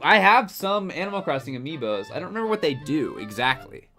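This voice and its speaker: A young man streaming a game from home on a desk mic, chatty and goofy, his pitch swinging widely as he reacts to viewers. Game music plays clearly under his voice. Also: very animated, a little fast, sharp tone. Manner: chatty, goofy, reads out chat messages. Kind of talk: casual live-stream chat.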